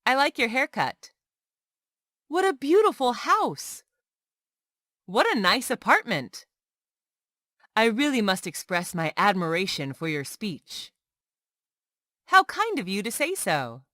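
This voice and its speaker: A woman reading short everyday English phrases aloud one by one, clearly and carefully, as a language lesson. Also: mid-range voice, sing-song, a little slow, long pauses, bright, forceful tone, no room sound, clean studio sound. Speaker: English teacher.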